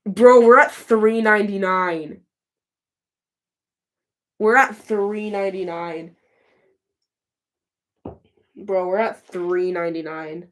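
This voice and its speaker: A woman streamer chats casually with her live chat, answering questions on the fly in a loose, talkative way and often restarting with a flustered laugh. Her voice sits at an ordinary middle pitch, with a steady tone, a slow pace and long pauses.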